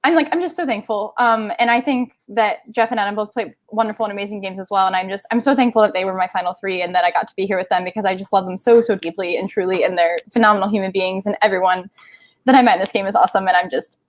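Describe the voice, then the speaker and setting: A woman's voice: medium pitch, steady tone, fast. A young woman who has just won a game season, giving a tearful, effusive acceptance over a video call. She rambles, swears and laughs between phrases. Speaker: contestant, season winner. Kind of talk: emotional live acceptance speech.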